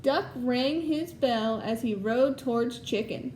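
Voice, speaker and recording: Slow, high-voiced first grade teacher. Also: female voice, darkish tone, reverberant, slight background noise. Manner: patient, explaining to young children. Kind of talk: recorded lesson with storybook read-aloud.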